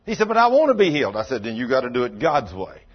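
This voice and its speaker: A husky-voiced man preaches fast, with huge swings in pitch. His sermon storytelling is folksy, with dialogue acted out and moments of low intensity, all in dull lo-fi sound.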